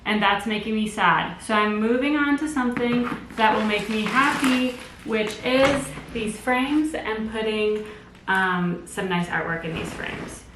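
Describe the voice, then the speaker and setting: A woman's voice: on the high side, a little slow, background noise. An American woman chatting casually as a home decor vlogger, gushing and full of "like" fillers. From United States. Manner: bubbly, gushing, lots of "like" fillers. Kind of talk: casual chatty vlog narration. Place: at home, indoors. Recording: roomy echo at home.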